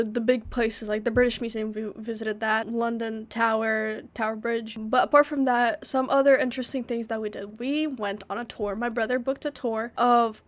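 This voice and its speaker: A woman from the United States, slightly sick, chatting in a rambling casual travel vlog, full of restarts and filler words. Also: fairly high pitch. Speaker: vlogger.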